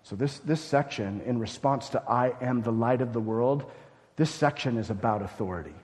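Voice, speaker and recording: A man preaching a sermon as pastor, urgent and emphatic one moment and hushed and grave the next. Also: medium pitch, moderate pace. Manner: emphatic preaching, swinging between loud urgency and hushed gravity. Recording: long hall reverb.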